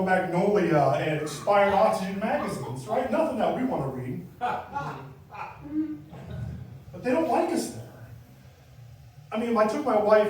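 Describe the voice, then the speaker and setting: High-voiced man doing stand-up, echoey. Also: a little mellow, slight background noise. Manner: chatty, teasing the crowd. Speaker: stand-up comedian. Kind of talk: stand-up comedy set. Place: small comedy club. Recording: echoey club from far off.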